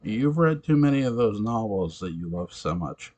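A man voicing a smug male vampire husband who calmly soothes his frightened wife, in a low voice. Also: normal speed, dull audio. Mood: amused. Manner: calm, smug reassurance.

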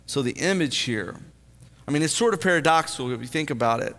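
High, bright-voiced preacher man in reverb. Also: fast. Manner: earnest, with frequent stammered restarts; swings between hushed and lively. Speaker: pastor. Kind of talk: sermon. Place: church sanctuary.

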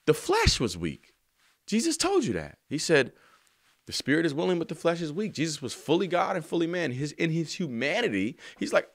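A man telling an emotional story about writing a song, earnest and slangy, sometimes softly singing lines. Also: on the high side, wildly swooping pitch, normal speed, dry recording, studio quality. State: choked up. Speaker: songwriter. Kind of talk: heartfelt spoken testimony.

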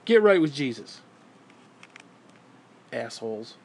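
A man's voice: a little high, normal speed, a little hiss or hum. Fuming, foul-mouthed man ranting. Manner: profane, sarcastic, heated. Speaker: vlogger. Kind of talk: angry religious rant.

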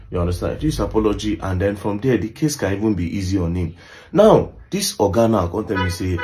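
Deep-voiced Nigerian man recounting a story. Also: lively intonation, brisk, darkish tone, a little hiss or hum. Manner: mixes Pidgin and English, repeats "you understand?". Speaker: social media commentator. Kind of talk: casual storytelling monologue.

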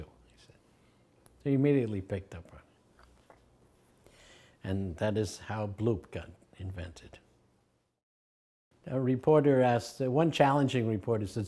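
A man's voice: medium pitch, moderate pace, long pauses, warm tone. An older man recalling his teacher in an interview, telling anecdotes and acting out the quoted voices with a chuckle.

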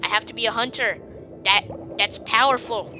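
A woman giving casual, excitable commentary on her gameplay, taunting creatures on screen and giggling often. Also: fairly high pitch, moderate pace, slight background noise. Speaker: gaming video host.

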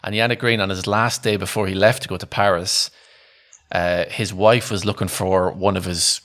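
A man's voice: deep voice, steady tone, moderate pace, a bit bright. Chatty man telling a rambling story. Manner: rambling storyteller, laughing often, restarts mid-sentence. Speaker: podcast co-host. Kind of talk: casual anecdote telling.

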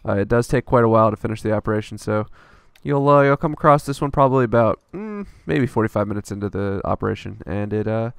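Gravelly, rambling male game-guide narrator. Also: lowish voice, expressive, fast talker, hardly any pauses, dry recording, clean studio sound. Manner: loose and rambling, with frequent fillers and offhand swearing. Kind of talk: casual gameplay strategy voice-over.

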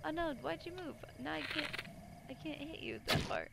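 A young woman livestreams a video game, chatting, giggling and cooing at enemies in a baby voice. Her voice is high and creaky at normal speed, with music playing underneath and heavy background noise.

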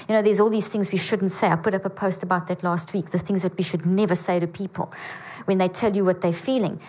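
A woman's voice: medium pitch, fairly quick. Emphatic woman teaching a church audience. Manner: energetic and emphatic, checks in with the audience often. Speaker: guest speaker. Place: church auditorium.

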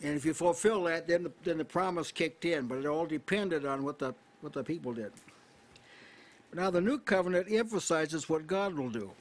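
A man preaching an expository sermon at a small house church, measured and repetitive, slowing on key words. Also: on the high side. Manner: measured, repeats phrases, slows on key words.

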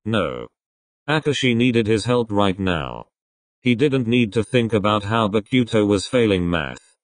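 A man with a low voice reads a fan story aloud, his pitch rising and falling with lively expression. The sound is dry and close, with no room echo. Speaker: reader. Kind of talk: reading a fan text-chat story aloud.

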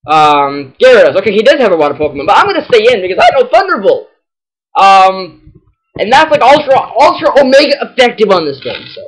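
A man giving let's play commentary on a game, excitable, rambling and self-deprecating. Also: high voice, poor audio. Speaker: gaming channel host.

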